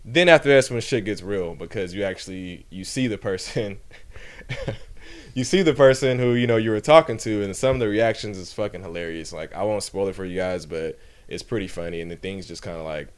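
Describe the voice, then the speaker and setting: A man with a fairly low voice talks in easygoing, profane podcast chat. He lays out the premise of a show plainly, slipping into quick quoted voices of people he describes. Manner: laid-back, profane, recaps with quoted voices. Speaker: podcast co-host. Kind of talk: casual chat.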